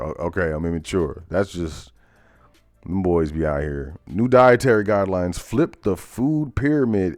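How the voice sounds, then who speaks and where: A man's voice: low-pitched, a little slow, a little mellow, no room sound, studio quality. A man hosting a casual current-events talk show, reading headlines aloud and breaking into laughter with loose asides. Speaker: host.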